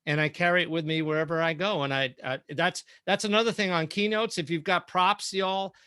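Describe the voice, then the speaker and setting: A man speaking as a guest and keynote speaker in a casual roundtable, telling lively stories. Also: fairly high pitch, fairly quick, smooth, no room sound. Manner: lively anecdotal storytelling.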